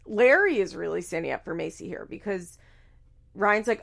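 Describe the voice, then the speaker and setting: A woman's voice: on the low side, moderate pace, vocal fry, a bit bright. A woman hosting a casual recap, speaking bluntly, swearing freely and acting out quoted lines. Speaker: podcast host recapping a reality show. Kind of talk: casual commentary.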